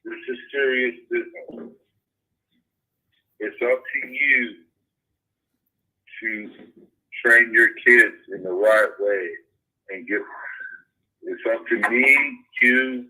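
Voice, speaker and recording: A man's voice: mid-range voice, slow pace, pauses often, pushed and bright. A man on a phone call, preaching, then swearing and ranting with many restarts. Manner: preachy and profane, rambling with restarts. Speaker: caller. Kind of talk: heated phone conversation. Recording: muffled phone-line audio.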